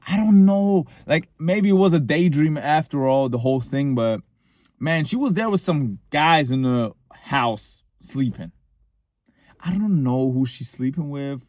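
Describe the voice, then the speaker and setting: A man's voice: medium pitch, darkish tone, no room sound, clean studio sound. A young man telling a personal story in a casual, rambling monologue, full of fillers and short laughs.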